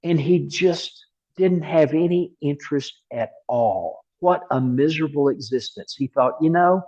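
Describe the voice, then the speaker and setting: A man preaching a sermon, telling stories in a lively way and repeating key words for emphasis. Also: a little high, a little slow, highs cut off. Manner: animated storytelling with repeated words.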